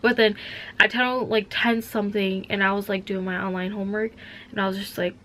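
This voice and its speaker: A woman's voice: medium pitch, level tone, fairly quick, a bit bright. A young woman from Minnesota talking casually to camera in a vlog, rambling with lots of "like" fillers. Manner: rambling, heavy use of "like". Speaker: vlogger. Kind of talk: casual chat.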